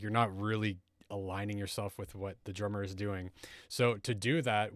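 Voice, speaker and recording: A man's voice: lowish voice, no room sound, clean studio sound. A man teaching music production in a tutorial, explaining step by step and often checking in with the listener. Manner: patient, explains step by step and keeps checking in with "right?".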